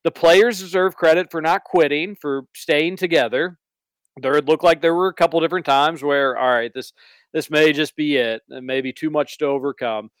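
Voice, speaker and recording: A man's voice: fairly high pitch, normal speed, clean tone, no room sound. A man hosting a sports talk show, giving opinions in a casual, conversational way. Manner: opinionated, conversational, reads ad copy. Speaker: sports radio host.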